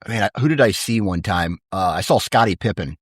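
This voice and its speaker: A man with a fairly low voice tells stories in a loose, laid-back podcast chat, animated and peppered with "dude." The sound is close and dry, with no room around it. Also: brisk, slightly rough, no room sound. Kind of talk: casual chat.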